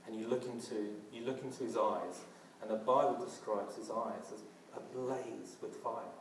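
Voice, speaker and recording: A man's voice: mid-range voice, steady tone, moderate pace, slight background noise. A man preaching a sermon earnestly, often restarting and using fillers. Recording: roomy, from a distance.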